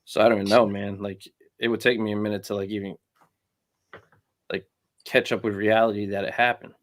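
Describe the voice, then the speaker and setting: A man's voice: on the low side, level tone, fairly quick. A man co-hosting a casual sports chat, rambling and filling his talk with "like" and "bro". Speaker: podcast co-host.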